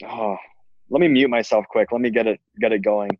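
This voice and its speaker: A teenage student chatting casually with friends on a call, rambling with many restarts. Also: male voice, fairly low pitch, fairly even intonation, brisk, no echo, highs cut off.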